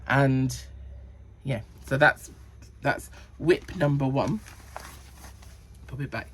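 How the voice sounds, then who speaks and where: A woman's voice: extremely low pitch, takes it slowly, breathy edge. A woman hosting a knitting podcast, chatting casually about her projects and counting rows and sizes under her breath. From Cornwall. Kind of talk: casual chat.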